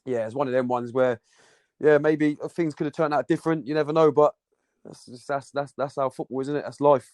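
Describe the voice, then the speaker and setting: A man's voice: medium pitch, steady tone, brisk, a little mellow, no echo. A man, a football captain telling stories in a rambling, slangy way as a podcast guest. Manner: rambling, repeats words, slangy banter. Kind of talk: casual storytelling chat. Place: podcast recording.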